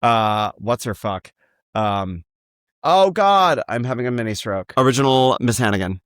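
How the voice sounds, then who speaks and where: A man guests on a theater podcast, joking and chatting freely. His pitch swings up and down a lot as he talks. The recording is close and dry. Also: a little slow, no echo. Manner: animated, joking, slips into impressions. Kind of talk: casual chat about musicals.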